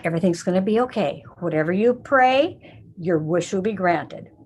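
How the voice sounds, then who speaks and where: A woman's voice: lowish voice, expressive, moderate pace, a little mellow, husky, voice pushed down. A woman doing a stern old priest. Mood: reassuring.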